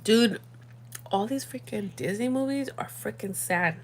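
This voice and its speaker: A young woman chatting casually on a livestream from home at night, animated and slangy, talking straight to her viewers. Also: medium pitch, measured pace, background noise. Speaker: livestream host.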